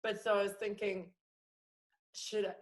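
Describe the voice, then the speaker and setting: A young woman comedian from France with an international English accent, chatting on a podcast, lively with many fillers and restarts. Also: medium pitch, slow, poor audio. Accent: international English, no French accent. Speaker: comedian and actress guest. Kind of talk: casual podcast chat.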